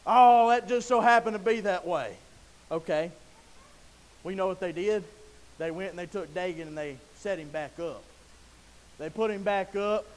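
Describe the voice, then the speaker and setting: A man preaching a sermon in a folksy storytelling way, acting out Bible scenes and building to loud emphatic peaks. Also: extremely high pitch, normal speed.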